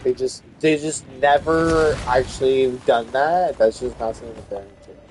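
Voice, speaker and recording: Man, casual rant, swearing, exasperated, filler-heavy, average pitch, faint background hiss. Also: normal speed, a little mellow, rough recording. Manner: profane, exasperated storytelling; many "like" fillers. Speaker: vlogger.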